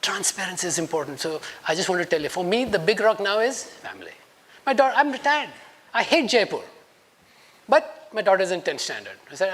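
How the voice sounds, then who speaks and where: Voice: medium pitch, sing-song, a little fast, fairly bright tone. A speaker in their fifties from India with an Indian English accent, giving a personal conference talk and acting out quoted dialogue in a raised voice between reflective stretches.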